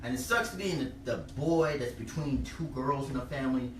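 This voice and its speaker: A man performing a stand-up comedy set, telling animated stories, acting out other people's lines and often laughing at his own punchlines. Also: mid-range voice, a little fast. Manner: animated storytelling, acting out quotes, frequent laughter. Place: comedy venue stage. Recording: echoey live room, mic heard from a distance, loud background noise. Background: audience laughter.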